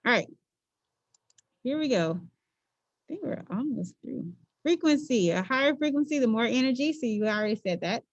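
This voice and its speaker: A woman physics teacher giving a relaxed classroom lecture, playful and chatty, often checking in with her students. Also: a little high, moderate pace, pauses often, no room sound, muffled recording.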